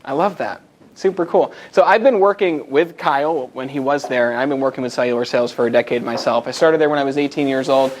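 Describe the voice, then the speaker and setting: A man in his twenties giving a live motivational presentation to a group, telling stories with lively asides to the audience. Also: medium pitch, fast. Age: 20s. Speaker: motivational speaker. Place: meeting room in front of a live group.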